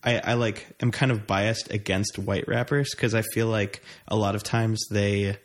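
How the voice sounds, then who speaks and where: Relaxed low-voiced young man chatting. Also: normal speed. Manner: relaxed, rambling, hesitant. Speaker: conversation partner. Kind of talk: casual chat.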